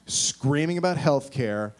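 A man in his forties doing a rambling, profane stand-up set, with shouted mocking impressions. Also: on the high side, lively intonation, measured pace. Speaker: stand-up comedian. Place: comedy club stage with live audience.

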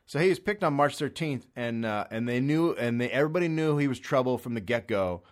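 A man's voice: mid-range voice, lively intonation, fairly quick. Profane rambling American comic man. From United States. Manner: profane, sarcastic, acts out voices. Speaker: comedian.

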